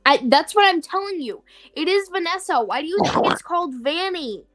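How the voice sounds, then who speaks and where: A woman's voice: extremely high pitch, animated, fairly quick, fairly bright tone, faint music behind. Playful young woman chatting. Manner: playful, joking. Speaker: co-reader. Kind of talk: casual chat.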